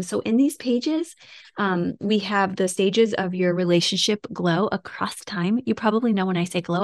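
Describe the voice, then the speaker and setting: A woman's voice: mid-range voice, dry recording, clean studio sound. Chatty earnest woman podcast host. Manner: chatty, earnest, laughs and gets a little emotional. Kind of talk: casual solo podcast talk.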